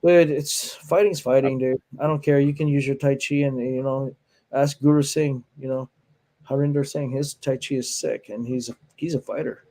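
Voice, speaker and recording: Guesting on a podcast, a martial arts instructor chats casually and tells stories, swearing openly, laughing often and mimicking what people said. He has a mid-range, dark-toned voice with fairly even intonation, delivered at a normal speed.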